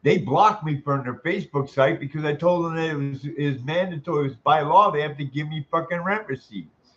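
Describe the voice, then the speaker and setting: A frustrated man rants straight to the camera, swearing constantly and circling back to the same complaints. His voice sits a bit high. The recording sounds muffled and lo-fi. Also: a little fast, fairly bright tone. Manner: profane, exasperated ranting. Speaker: vlogger. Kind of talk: angry venting monologue.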